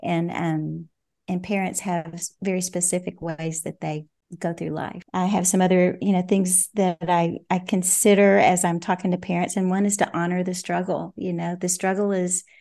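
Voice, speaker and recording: An older woman, a parenting coach, giving reflective, measured answers in a podcast interview, often saying "you know". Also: on the low side, level tone, creaky, dark tone.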